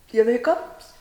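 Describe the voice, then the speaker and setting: A woman's voice: a little high, a bit bright, reverberant. A woman chatting casually while making food at home for a mukbang vlog, rambling and joking to herself. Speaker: food vlogger. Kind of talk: casual mukbang cooking chat. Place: home kitchen.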